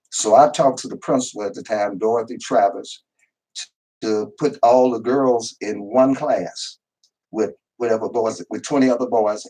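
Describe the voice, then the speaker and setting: An older man talking in a relaxed, storytelling way, often repeating words as he goes. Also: fairly low pitch, breathy edge, poor audio. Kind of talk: casual discussion.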